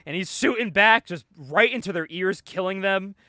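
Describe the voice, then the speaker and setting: A man hosting a podcast, casually retelling a comic book story with animated energy, frequent laughs and swearing. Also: high-pitched, normal speed, no echo, studio quality. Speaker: podcast host recapping a comic. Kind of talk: casual chat.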